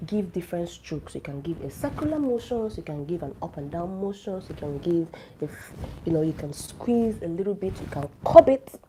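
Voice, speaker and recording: A woman's voice: lowish voice, lively intonation, moderate pace, hardly any pauses, dark tone, a little hiss or hum, rough recording. Blunt, coughing woman with a flu. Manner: blunt, teasing, lecturing directly to listeners. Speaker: relationship advice vlogger. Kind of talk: frank advice talk to camera.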